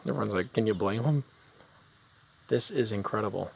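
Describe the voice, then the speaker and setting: A man filming a casual vlog outdoors, talking in an excitable, jittery way and exclaiming in disbelief. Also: on the low side, moderate pace, vocal fry, long pauses, breathy edge. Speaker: vlogger. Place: outdoors by flowers.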